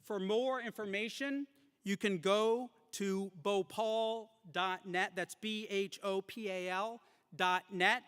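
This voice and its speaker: A man's voice: high-pitched, fairly bright tone, clear, resonant tone. Earnest man making a call to action. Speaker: event speaker. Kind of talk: rally speech. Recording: reverberant hall.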